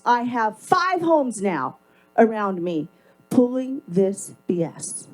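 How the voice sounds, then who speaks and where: A woman's voice: medium pitch, a little mellow, poor audio. A woman giving a public comment at a council meeting, speaking into a podium mic in an emphatic, confrontational and sarcastic way. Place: council chamber.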